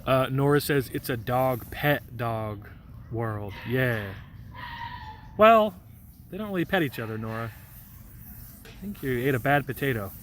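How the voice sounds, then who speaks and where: Reading viewer messages aloud during a casual park livestream, this young man jokes and wanders off topic in a goofy manner. He speaks at a medium pitch, expressively and without hurry, leaving long pauses, while slight background noise carries through.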